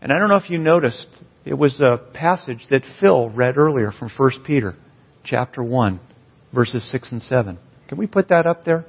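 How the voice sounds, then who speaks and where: Husky-voiced man preaching a sermon. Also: medium pitch, expressive, normal speed. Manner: earnest, building emphasis on key phrases. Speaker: pastor. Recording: dull, slightly lo-fi sound.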